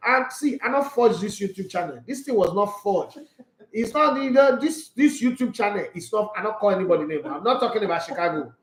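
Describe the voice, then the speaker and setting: An animated man with a Nigerian accent chats through a casual sports live stream, reading viewer comments aloud and teasing them. His voice sits a little high for a man, and the room adds a clear echo. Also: brisk. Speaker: sports channel host.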